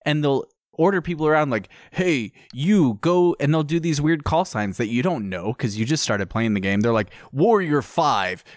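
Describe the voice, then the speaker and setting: A man co-hosting a casual game review chat, animated and mocking the game's dialogue. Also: medium pitch, brisk, hardly any pauses, no room sound, studio quality. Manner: animated, mocks dialogue in put-on voices. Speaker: game podcast co-host.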